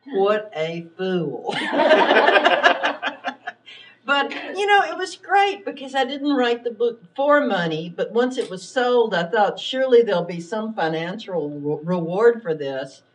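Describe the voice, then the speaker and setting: A woman's voice: on the high side, very animated, takes it slowly. A woman author speaking in a thoughtful, self-deprecating way at a library event. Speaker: author on a panel. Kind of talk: unhurried conversation. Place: public library event room. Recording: distant mic at a live talk.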